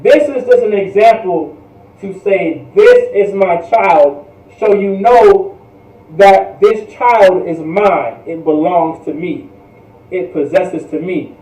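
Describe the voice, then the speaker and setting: A man teaching an online language class in a patient, repetitive way, drilling words slowly and checking "all right?" often. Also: sits high, warm tone, roomy sound, far from the mic, low-quality recording.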